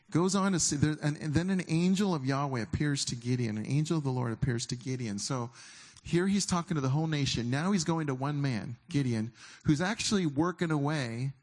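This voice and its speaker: A man giving a sermon in a conversational way, reading scripture slowly and emphatically between halting, informal asides. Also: on the high side, darkish tone. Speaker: pastor.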